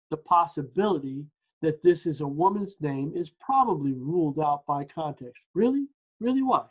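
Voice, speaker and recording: Lively man teaching from sources. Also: a little high, poor audio. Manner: lively, quotes sources, frequent restarts and asides. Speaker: Bible teacher. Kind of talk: teaching a research night.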